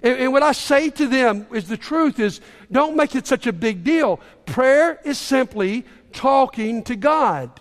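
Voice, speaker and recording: A man preaching a casual, conversational sermon as a pastor, sometimes acting out the voices of the people he quotes. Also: extremely high pitch. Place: church sanctuary. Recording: reverberant church hall.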